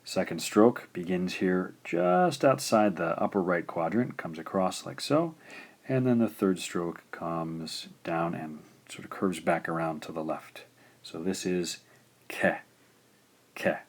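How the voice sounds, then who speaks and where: Deep-voiced man teaching slowly. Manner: slow, deliberate, patient, enunciating syllables. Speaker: Japanese teacher. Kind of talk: instructional explanation.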